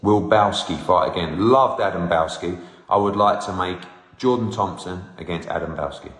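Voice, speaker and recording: Hosting a live, informal Q&A, a man in his forties answers fan questions and ribs fans as he reads out their comments. He speaks at normal speed in a low, slightly bright voice, captured in a roomy space with long reverb.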